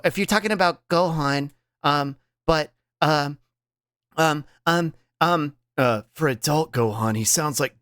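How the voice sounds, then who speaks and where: A man streaming live and chatting casually with his viewers, animated and laughing loudly, now and then slipping into quick character voices. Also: on the high side, no room sound, clean studio sound.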